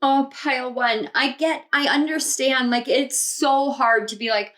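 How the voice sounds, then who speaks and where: Tarot reader, young adult woman; unhurried, earnest, circles back on her words, sits a bit high. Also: fairly bright tone. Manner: earnest, reflective, repeats phrases. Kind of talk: intuitive tarot reading to camera.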